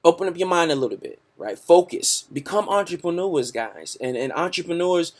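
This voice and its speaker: Hyped man pitching a webinar. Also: animated, normal speed. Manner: hyped, repeats "right?" constantly; salesy, pumped, talks to the audience as "guys". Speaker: webinar host.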